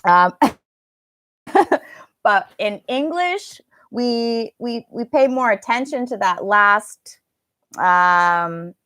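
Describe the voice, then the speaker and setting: A woman's voice: medium pitch, animated, very slow, long pauses, bright, forceful tone, no room sound, studio quality. A woman with an American accent teaching a live online pronunciation class, chatting and laughing as she answers viewer comments. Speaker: English teacher.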